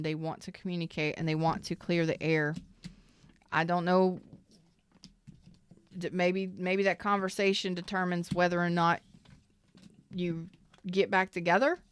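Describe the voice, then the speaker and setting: A woman's voice: fairly low pitch, smooth, no echo, studio quality. A woman, hosting a casual, salty tarot reading and talking straight to her viewers. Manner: chatty, salty, talks to viewers as y'all. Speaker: tarot reader, channel host.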